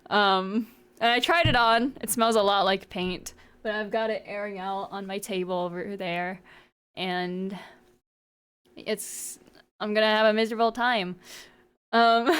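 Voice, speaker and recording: A woman's voice: mid-range voice, smooth. A woman streamer chatting casually with her viewers, playful and giggly as she teases them. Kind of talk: casual live-stream chat.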